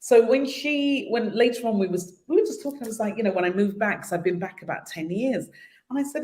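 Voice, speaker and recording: A woman's voice: on the high side, expressive, a little fast, darkish tone. Chatty woman in a roomy space. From London. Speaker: host. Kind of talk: casual interview chat.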